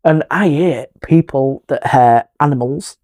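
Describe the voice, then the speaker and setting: A middle-aged man, a guest historian telling a ghost story in an animated, emphatic way. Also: mid-range voice, unhurried. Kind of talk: storytelling in a podcast interview.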